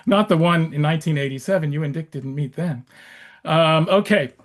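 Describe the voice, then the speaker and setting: A man in his sixties, a rabbi, teaches adults over a video call, his voice sitting high for a man. He talks in a loose, chatty way, circling back with restarts and small wry asides. Fillers break up most of his sentences. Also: normal speed.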